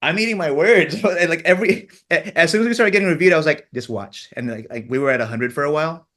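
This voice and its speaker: A man's voice: fairly high pitch, fast talker, a bit bright. A man, a film director guest on a podcast, telling a story animatedly and self-deprecatingly, acting out what others said. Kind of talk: casual interview chat.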